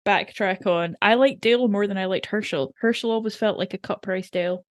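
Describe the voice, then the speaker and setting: A woman's voice: mid-range voice, brisk, no room sound, clean studio sound. A woman co-hosting a podcast, chatting wryly and swearing casually as she recaps an episode. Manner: wry, swears casually, laughs often. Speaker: podcast co-host.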